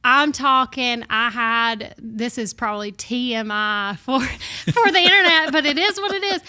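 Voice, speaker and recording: A woman's voice: a little high, measured pace, pushed and bright. A young woman with a Southern US accent, a podcast guest chatting casually and laughing at herself. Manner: chatty, laughs often, self-deprecating.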